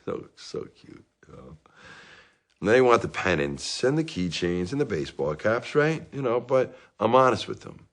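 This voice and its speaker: Brief: male actor as a middle-aged divorced dad in therapy. Low, deep voice, rambling comic self-pity with angry flare-ups. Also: big pitch swings, normal speed. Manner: rambling, self-justifying, with bursts of anger. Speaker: therapy patient. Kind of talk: comic monologue.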